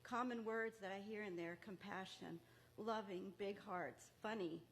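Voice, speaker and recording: A woman's voice: mid-range voice, measured pace, slight background noise. A woman speaking at a memorial ceremony in a museum, earnest and emotional, close to tears. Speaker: bereaved mother speaking as guest. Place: museum event room.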